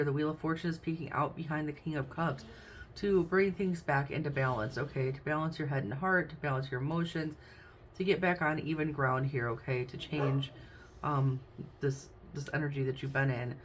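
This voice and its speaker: Low-voiced woman doing a tarot reading. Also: steady tone, moderate pace. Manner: chatty, many "um"s and "okay?"s. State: hiccups. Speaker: tarot reader. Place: home room with window open. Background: faint noise from outside.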